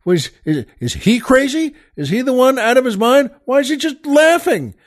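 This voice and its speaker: Loud hot-headed bar bully, put on by a man; shouted, pitched up, bragging. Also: sing-song, extremely slow, full character voice. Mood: exasperated. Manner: shouting, raised higher pitch.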